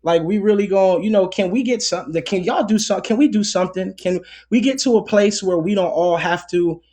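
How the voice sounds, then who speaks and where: A man's voice: high voice, a little fast, a little mellow. A man speaking as a guest in a casual conversation, rambling with lots of fillers and restarts.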